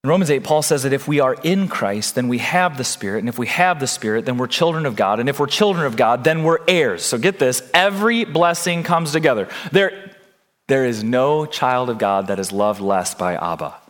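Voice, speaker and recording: A man preaching a sermon in a slow, deliberate way, building to impassioned, near-shouted passages. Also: mid-range voice, animated, long reverb tail. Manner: slow, deliberate delivery with long pauses. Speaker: pastor.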